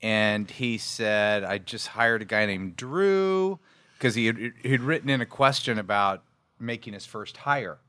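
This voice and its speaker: A man co-hosting a podcast in easy, chatty banter. His voice is bright and forward, recorded close and dry with no room sound. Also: on the low side, lively intonation, unhurried, smooth, no echo. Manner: chatty, reads listener emails aloud. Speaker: podcast co-host.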